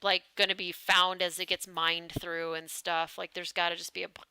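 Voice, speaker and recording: A woman's voice: lowish voice, little pitch movement, moderate pace, sharp tone, clean tone, dry recording. A woman streaming a game, chatting casually, reading game text aloud and swearing now and then. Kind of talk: casual live-stream commentary.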